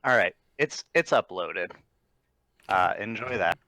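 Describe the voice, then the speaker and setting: A male player in a streamed tabletop game, talking casually with a bright, forceful tone. His voice sounds dry and close to the mic. He giggles sheepishly between questions. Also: on the low side, animated, a little slow, dry recording.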